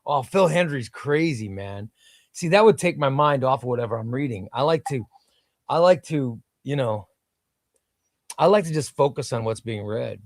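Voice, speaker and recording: A man's voice: mid-range voice, lively intonation, normal speed. A man chats casually on a comic book livestream from a room at home. His voice sits in a middle register and the sound is dry and close, with no room echo. He rambles, restarts his sentences and answers viewer comments as they come in. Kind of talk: casual live-stream chat.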